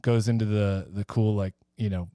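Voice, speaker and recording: A man co-hosting a podcast, telling a comedy pitch in a rambling way, full of fillers. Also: steady tone, moderate pace, dark tone, no echo. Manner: rambling, filler-heavy storytelling. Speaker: podcast co-host. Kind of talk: casual comedic chat.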